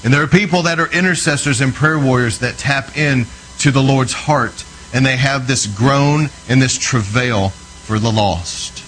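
A man preaches in an easy, chatty way, telling stories with earnest emphasis. His voice sits at an ordinary middle pitch. A faint hiss of noise sits under the recording. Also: a bit bright, low-quality recording. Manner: conversational, checks in with the listener often. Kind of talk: storytelling sermon.

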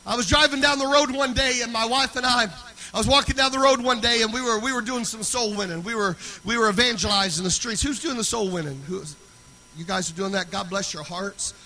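A man preaching a sermon, moving between loud, sung exhortation and quiet, conversational storytelling. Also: very high voice, brisk, low-quality recording.

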